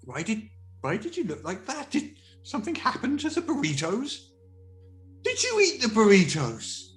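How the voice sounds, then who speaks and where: Man doing a high, stammering turtle man. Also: huge pitch swings, fairly bright tone, faint music behind, exaggerated voice. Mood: suspicious. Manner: stammering, then dreamy and slow. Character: timid male turtle-folk patient, dopey once sedated.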